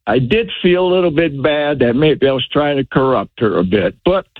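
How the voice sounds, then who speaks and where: A man's voice: mid-range voice, lively intonation, moderate pace. Rambling man calling in on a phone line. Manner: rambling, hesitant. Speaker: caller. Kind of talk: call-in phone conversation.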